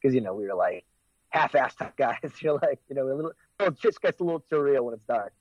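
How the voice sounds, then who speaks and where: A man's voice: medium pitch, animated, fast talker, no echo, lo-fi sound. An American man in his forties, co-hosting a casual podcast chat and rambling with lots of fillers and restarts. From United States. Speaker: podcast co-host.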